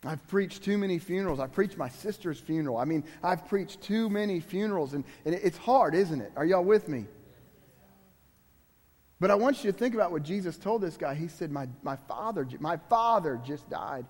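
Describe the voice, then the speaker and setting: A high-voiced man preaches a sermon as a guest speaker. He is emphatic but conversational and keeps turning to the congregation with asides. His voice rings out with a long echo in a church hall. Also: animated, normal speed, a little mellow.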